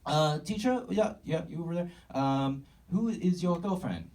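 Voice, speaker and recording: Man putting on a shrill eager student. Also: brisk, lightly acted. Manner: high, loud and blunt. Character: eager young male student asking questions. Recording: far-off mic in a hall, faint noise.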